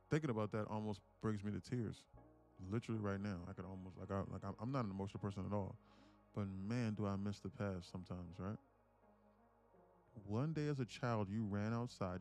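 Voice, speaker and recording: A day trader hosts a casual live stream, speaking directly to his viewers in a reflective, personal way. He has a fairly low voice and a brisk delivery, with soft music playing quietly in the background.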